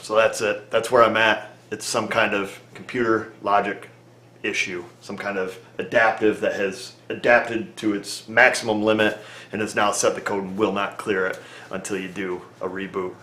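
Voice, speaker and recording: A low-voiced man talking shop as a mechanic, plainspoken and folksy, thinking out loud as he goes. His voice bounces around a roomy, echoey space. He keeps it casual and easy. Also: flat delivery, moderate pace. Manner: plainspoken, folksy, talks through reasoning aloud. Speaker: auto repair mechanic. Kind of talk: casual talk to camera. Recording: echoey room.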